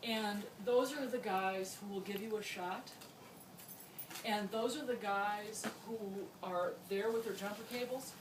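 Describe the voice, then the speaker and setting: A woman's voice: mid-range voice, measured pace. A woman giving a chatty, humorous wedding toast about her friends, laughing often as she talks. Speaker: wedding speech giver, friend of the couple. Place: wedding reception. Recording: distant echoey room, noisy.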